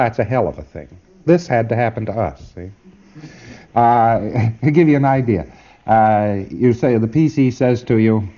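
Male lecturer, mellow voice, lively swoops in pitch, emphatic and wry, on muffled old tape. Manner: emphatic, repeatedly checks listeners follow. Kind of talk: informal training lecture.

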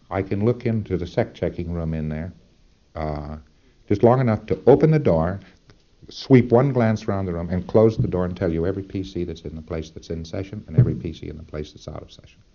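Male lecturer, low and dark, folksy and emphatic with rhetorical asides, muffled old tape sound. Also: vocal fry. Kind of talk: lecture to trainees.

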